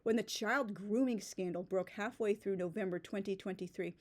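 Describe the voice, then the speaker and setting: A woman talking straight to camera in a loose, conversational vlog. She rambles from point to point, peppers her speech with "like," and turns sarcastic when she is annoyed. Her voice sits at an ordinary middle pitch. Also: normal speed. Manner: rambling and sarcastic, heavy use of "like". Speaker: blogger reflecting on a writing community. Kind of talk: casual spoken commentary.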